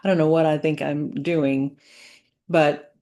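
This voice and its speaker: A woman talks slowly to camera in a reflective vlog, with a low voice. She is earnest and halting, starting over often and leaning on fillers, and she takes her time between thoughts. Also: steady tone, warm tone. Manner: slow, halting, with many fillers and restarts; earnest, faith-centered. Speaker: business owner vlogging.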